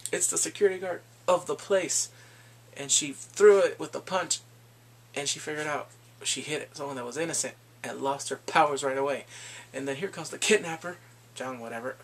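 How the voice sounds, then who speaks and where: A man recapping episodes of a TV drama in a casual vlog, animated and quick to act out scenes with squeals and laughs. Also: a little high. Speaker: drama reviewer.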